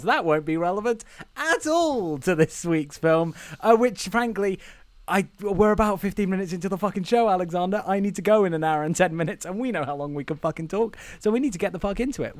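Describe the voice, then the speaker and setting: A man with a high, light voice co-hosts a comedy podcast. He talks in a sardonic way and swears freely. The close mic sounds dry. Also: no room sound. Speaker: podcast co-host. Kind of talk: casual comedic chat.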